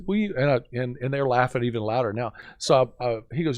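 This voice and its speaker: A man's voice: medium pitch, quick pace, hardly any pauses, dry recording, clean studio sound. A middle-aged man co-hosting a radio talk show, telling a story and acting out the voices of the people in it. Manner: animated, acts out quoted voices. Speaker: co-host. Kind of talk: conversational storytelling.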